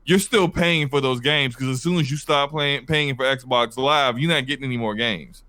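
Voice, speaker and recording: Smooth-voiced man arguing calmly. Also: medium pitch, no echo, studio quality. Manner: measured, arguing point by point with many restarts. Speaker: podcast host. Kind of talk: casual podcast discussion.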